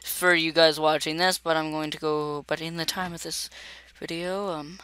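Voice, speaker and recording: A man's voice: on the high side, little pitch movement, normal speed, sharp tone, clear, resonant tone. A man hosting a video game session with casual, playful commentary, giggling often. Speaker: gaming video host.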